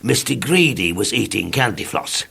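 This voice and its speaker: Gravelly, husky male storybook narrator. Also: lowish voice, normal speed. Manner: lively, expressive read-aloud. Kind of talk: storybook reading.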